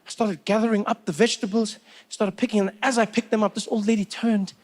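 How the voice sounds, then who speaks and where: A man from South Africa with a South African accent doing a stand-up comedy routine, animated storytelling that talks to the crowd. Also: high-pitched, fast.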